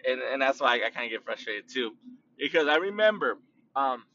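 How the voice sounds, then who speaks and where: A man hosting his own podcast, musing aloud in a loose, rambling monologue full of fillers, restarts and long drawn-out words. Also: mid-range voice, animated, pushed and bright, far from the mic, muffled recording, a little hiss or hum. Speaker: podcast host.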